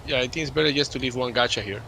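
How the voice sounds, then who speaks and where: A man chats quickly with a fellow player, often restarting his sentences as he thinks aloud. His voice is gravelly and bright, with a faint hiss behind it. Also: medium pitch, low-quality recording. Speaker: gamer. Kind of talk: casual chat while gaming.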